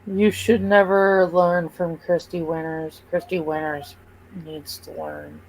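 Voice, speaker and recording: A woman on a casual podcast chat, speaking bluntly and deliberately. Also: lowish voice, lively intonation, darkish tone, poor audio.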